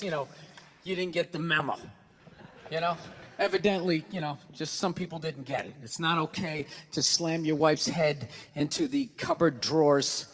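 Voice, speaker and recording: Ranting comedian with a high, sharp voice. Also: male voice. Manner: ranting, profane, bursts into shouts. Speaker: stand-up comedian. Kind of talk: stand-up comedy routine. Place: large venue on stage. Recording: hall reverb with faint ambience.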